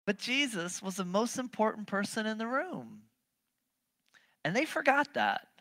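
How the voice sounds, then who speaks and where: A preacher delivering a sermon in an animated, emphatic way, pressing the listeners with question after question. The voice sits in a middle register and moves between loud bursts and hushed, low stretches. The recording is dry and close, with no room echo. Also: a little slow. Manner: animated, emphatic, asks many rhetorical questions; swings from loud bursts to low, quiet passages.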